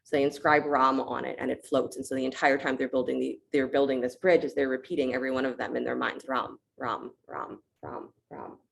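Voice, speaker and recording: A woman yoga teacher who tells a myth to her class in a relaxed, conversational way, often checking in with "right?". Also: extremely low pitch, fast talker, creaky, few pauses.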